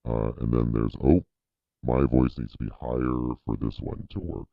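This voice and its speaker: A very deep, gravelly monster voice, speaking slowly and playfully. The sound is dull and dry. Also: male voice, fairly even intonation, no echo, exaggerated voice. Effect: deep pitch-shift voice filter.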